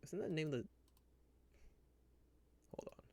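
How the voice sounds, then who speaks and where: A man streaming live, musing aloud and muttering to himself with halting restarts as he builds a character. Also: dark tone. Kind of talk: musing aloud while looking things up.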